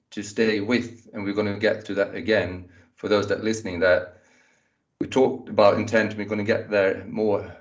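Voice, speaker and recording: A man with a fairly low voice, talking as an interview host in a thoughtful, rambling way. He sounds distant from the mic. The line is dull and muffled. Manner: thoughtful, rambling, frequent fillers. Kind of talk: conversational interview.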